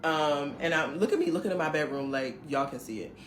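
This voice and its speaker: Animated woman telling a story in an echoey room. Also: sits low, brisk. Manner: animated, emphatic, talks straight to viewers. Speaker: vlogger recounting a dating experience. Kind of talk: casual storytelling to camera. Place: her home, indoors. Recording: roomy room echo, faint background hiss.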